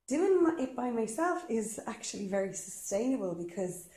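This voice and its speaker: A woman chatting casually to camera outdoors in her garden while she works, unhurried, with lots of ums and a little out of breath. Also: medium pitch, a little mellow, echoey room. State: slightly out of breath from physical work. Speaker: vlogger.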